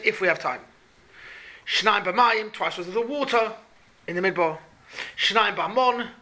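Torah teacher, man, high and bright, animated questioning lesson. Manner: questioning, animated, repeats points. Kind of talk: Talmud class for boys.

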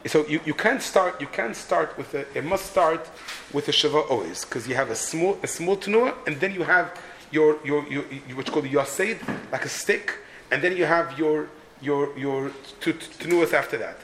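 A man's voice: fairly high pitch, moderate pace, fairly bright tone, a little hiss or hum. A man teaching a text-study class, explaining the meter of a Hebrew poem with frequent restarts and repeated words. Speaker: Torah teacher.

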